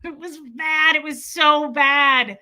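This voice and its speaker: A young woman's voice sits high and moves slowly as she tells a story during a casual livestream. Full of energy, she acts out what others said and frequently dissolves into laughter.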